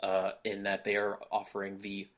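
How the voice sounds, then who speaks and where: A man's voice: fairly low pitch, completely flat delivery, moderate pace. A young man hosting a casual podcast chat, laid-back and joking, laughing often. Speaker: podcast host.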